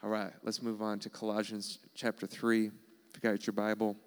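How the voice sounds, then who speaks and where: A man's voice: on the low side, completely flat delivery, normal speed, clear, resonant tone. A man preaching a sermon in an earnest, emphatic way, repeating key phrases. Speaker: pastor.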